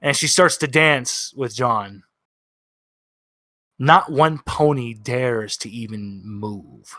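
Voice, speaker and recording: A man narrating a tabletop role-playing session as game master, telling the story slowly and dramatically and voicing the characters' lines. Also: medium pitch, sharp tone, no echo, studio quality. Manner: slow, dramatic storytelling with voiced quotes.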